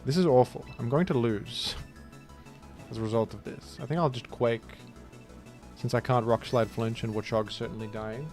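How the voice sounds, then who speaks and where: Guy streaming a game, medium pitch, rambly self-mocking chat, quiet music behind. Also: moderate pace. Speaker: gaming streamer. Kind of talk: casual commentary while playing. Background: faint background music.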